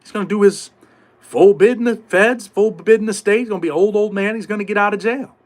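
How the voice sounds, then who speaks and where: High-voiced man in streetwise prison talk. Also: fast talker. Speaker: podcast host. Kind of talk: casual live-stream talk.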